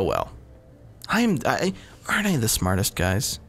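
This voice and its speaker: Self-mocking gravelly-voiced gamer. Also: male voice, fairly low pitch, huge pitch swings, normal speed. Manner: rambling, self-mocking, swears often. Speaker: gaming video host. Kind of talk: casual let's-play commentary. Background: game sounds and music.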